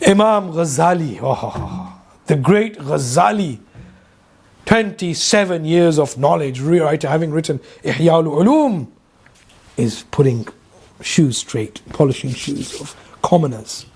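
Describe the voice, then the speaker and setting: Man telling stories in a lecture, kinda high voice, husky, acts out the parts. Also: takes it slowly, pauses often. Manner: animated storyteller, acts out dialogue, laughs often. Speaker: religious teacher. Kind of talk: storytelling lecture.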